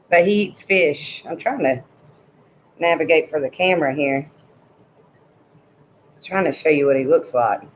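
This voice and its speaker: A woman's voice: sits low, reverberant, a little hiss or hum, low-quality recording. Laid-back woman live-streaming. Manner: loose, laughing, swears casually, talks to pets. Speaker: livestream host. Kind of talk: casual live stream chat.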